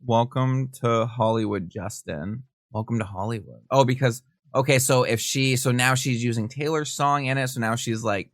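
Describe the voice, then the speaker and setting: A man hosting a podcast, reading messages aloud and reacting with quick, gossipy asides. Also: medium pitch, no room sound, studio quality. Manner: animated, gossipy, reads texts aloud with quick asides and laughs. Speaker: podcast host. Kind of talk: casual reaction commentary.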